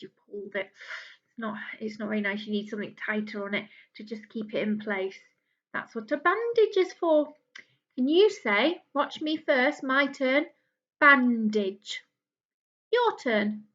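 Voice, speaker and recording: A woman teaching a phonics lesson to young children, drawing out each word slowly and encouraging them in a sing-song way. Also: medium pitch, lo-fi sound. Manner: slow, drawn-out enunciation of each word. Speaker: early years teacher.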